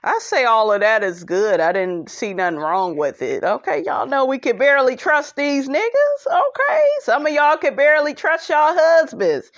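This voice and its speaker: A woman's voice: high-pitched, very animated, moderate pace, few pauses, dull audio. A woman hosting a podcast, recapping a reality show in a sassy, gossipy way and talking straight to her listeners. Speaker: podcast host.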